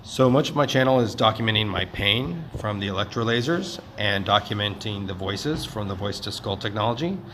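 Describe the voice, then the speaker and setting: A man, the channel's owner, explaining things in an earnest, measured monologue. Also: fairly low pitch, expressive, fairly bright tone, slight background noise.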